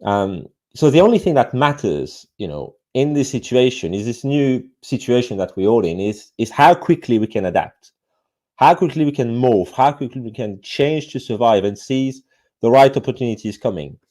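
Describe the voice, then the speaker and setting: A man's voice: mid-range voice, lively intonation, moderate pace, warm tone. A man with a French accent giving an ecommerce summit presentation, peppered with fillers, restarts and swearing. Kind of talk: conference presentation. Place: online summit talk, remote.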